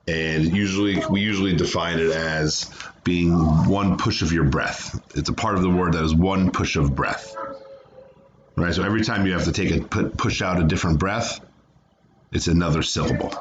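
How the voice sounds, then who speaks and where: A man's voice: sits low, muffled recording, background noise. A man teaching a remote phonics lesson to children, patiently sounding out words and syllables. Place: home, away from classroom.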